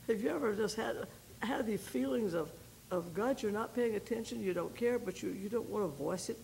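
An older woman, a missionary, giving a folksy personal testimony to a women's group, telling her story with pauses and repeated starts. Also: mid-range voice, creaky, a little mellow, a little hiss or hum, poor audio. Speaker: missionary speaker.

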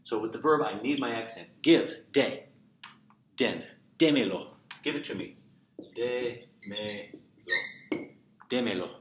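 A man's voice: medium pitch, normal speed. A male teacher giving a classroom lecture, walking through examples step by step and repeating each one. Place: empty classroom. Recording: echoey classroom with steady noise.

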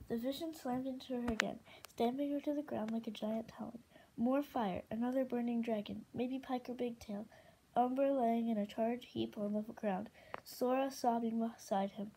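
A woman reads a novel aloud in a steady, expressive voice. Her tone is mellow and on the higher side, with a faint hiss underneath. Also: normal speed, low-quality recording. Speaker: audiobook reader.

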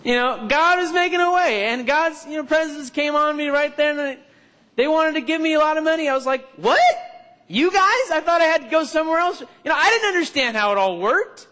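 High-voiced male preacher in a reverberant hall. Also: fast talker, bright, forceful tone. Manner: preaches with testimony and calls for amens from the congregation. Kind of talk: sermon.

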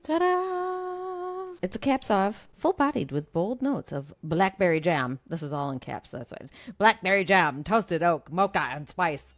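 A woman's voice: fairly low pitch, animated, normal speed, hardly any pauses. A woman co-hosting a podcast in casual chat, playful and giggly, sometimes reading in a mock-dramatic voice. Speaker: podcast co-host.

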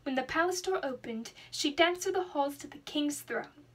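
A young woman reading a children's storybook aloud in an expressive, dramatic way. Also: high voice, moderate pace. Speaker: student reader.

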